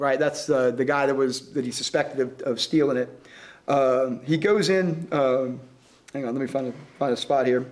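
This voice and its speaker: A man on a discussion panel, retelling a story and reading passages aloud with animated delivery. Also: medium pitch, moderate pace. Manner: animated, chuckling between readings.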